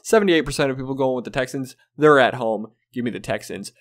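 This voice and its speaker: Quick-paced and mid-range, this man's voice carries his own video of football game predictions. He's blunt and profane, clearly fed up as he chats casually.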